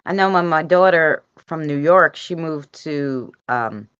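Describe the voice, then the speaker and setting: A middle-aged woman chatting on a livestream, a lively storyteller who laughs often. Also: low-pitched, measured pace, clear, resonant tone, dry recording. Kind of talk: casual chat on a livestream. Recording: dull lo-fi dry sound.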